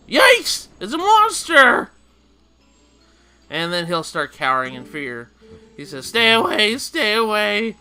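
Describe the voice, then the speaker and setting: A man talks through a video game playthrough in a loose, rambling way, chuckling and restarting his sentences. His voice is bright and tense, sitting slightly high for a man. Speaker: let's play host. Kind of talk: casual gameplay commentary.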